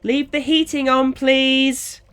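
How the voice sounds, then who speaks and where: A man voicing a furious, bitter middle-aged mother who screams in high, strained bursts. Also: huge pitch swings, normal speed, pushed and bright, full character voice. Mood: calling out.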